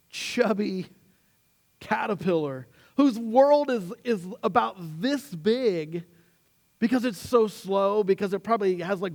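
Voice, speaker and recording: A man preaching as a pastor, animated in his storytelling, acting out quotes with sudden rises and then slowing and dropping low on key words. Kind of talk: sermon.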